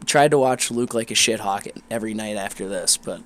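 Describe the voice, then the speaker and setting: A man's voice: on the low side, a little fast. Young guy on a podcast telling a messy, sweary story, all worked up. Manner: rambling, profane, animated storytelling. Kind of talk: casual storytelling chat.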